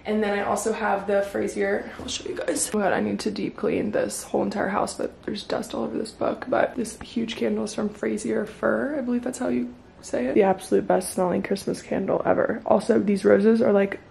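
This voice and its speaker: A young woman in her twenties chatting casually to camera at home in a vlog, excitable and full of fillers. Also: mid-range voice, fairly quick, creaky, echoey room, slight background noise. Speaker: vlogger. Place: home living room.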